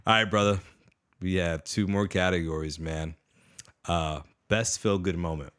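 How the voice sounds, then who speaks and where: Co-host, male, very deep voice, excitable and slangy in casual talk. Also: unhurried. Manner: excitable, slangy, acts out his own reactions. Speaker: podcast co-host. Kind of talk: casual chat.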